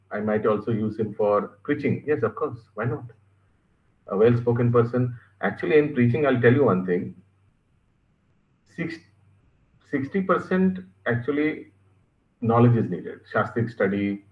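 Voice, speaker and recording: A man with an Indian English accent leads a scripture class, leaning hard on key words and acting out little examples. His voice sits at an ordinary middle pitch. It comes through thin and phone-like, with a lot of room echo around it. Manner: animated, stresses words, acts out examples, mixes in Hindi. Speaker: class teacher.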